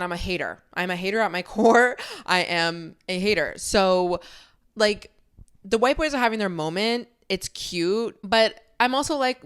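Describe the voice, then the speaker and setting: Young woman podcasting from home, chatty, lots of "like", smooth clear voice. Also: mid-range voice, a bit bright. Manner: chatty and candid, heavy use of "like". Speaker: podcast host. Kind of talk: casual chat. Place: home, filming for video. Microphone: studio microphone.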